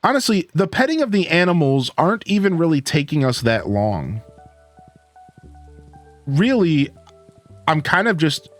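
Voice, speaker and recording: A man's voice: on the high side, very animated, measured pace, pauses often, soft background music. A young man chatting casually and greeting viewers while he plays a farming game on a live stream. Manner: laid-back, chatty, greets chat.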